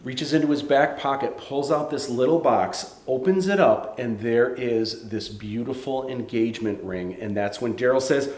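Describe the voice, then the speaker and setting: A man teaching screenwriting in a lively, conversational way. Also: medium pitch, moderate pace. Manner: animated, conversational. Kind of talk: instructional talk. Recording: roomy echo.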